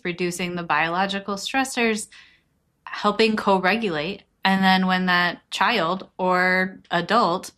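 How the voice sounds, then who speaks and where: A woman's voice: fairly low pitch, pushed and bright. A woman co-hosting a podcast, chatting conversationally and building on her partner's points. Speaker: podcast co-host. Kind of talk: casual chat.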